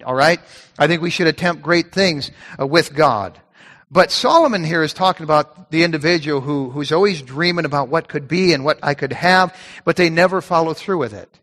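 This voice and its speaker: A male pastor giving a sermon in a conversational style, often repeating words and reading scripture slowly. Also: fairly high pitch, a bit bright. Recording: long reverb of a church hall.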